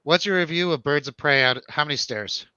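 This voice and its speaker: A man hosts a loose movie chat with his friends, joking and swearing as he steers the talk. His voice is bright and forceful. The recording is dry and a little dull. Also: on the high side, fairly quick, clean tone, no room sound. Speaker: podcast host. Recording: dull lo-fi audio.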